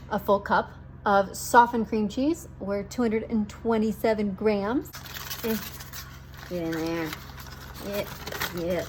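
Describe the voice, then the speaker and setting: A woman's voice: mid-range voice, fairly even intonation, takes it slowly, long pauses, darkish tone, a little hiss or hum. A woman hosting a home baking show, chatting playfully to the viewer as she works through a recipe in her kitchen. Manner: chatty and playful, talking to the viewer while working. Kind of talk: casual cooking demonstration.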